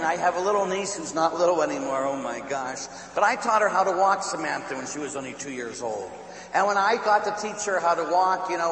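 A male priest telling a story in a sermon, laughing often and dropping to a hushed voice, from Pittsburgh. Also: on the high side. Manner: animated, laughing storyteller who drops to a hushed voice. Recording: echoey hall with faint hum.

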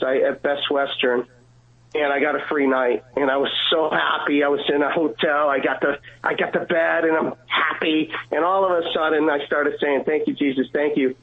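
A man speaks over a thin, tinny phone line, his voice sitting a little high. He tells his story earnestly, stumbling over restarts and acting out the lines of others. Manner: earnest, halting storyteller who acts out dialogue. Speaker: guest caller. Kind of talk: telling a personal faith story.

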